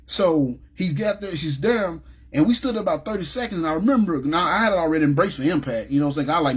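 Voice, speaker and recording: A man from Memphis telling his personal testimony in a rambling, animated way and often asking "you know what I'm saying". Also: on the high side, fast, breathy edge. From Memphis, USA. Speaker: ministry speaker giving testimony.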